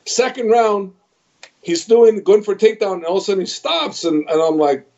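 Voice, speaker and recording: A middle-aged man, an MMA trainer, telling a story on a podcast over a video call, animated and quoting his own reactions. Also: high voice, brisk. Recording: slightly dull video call audio.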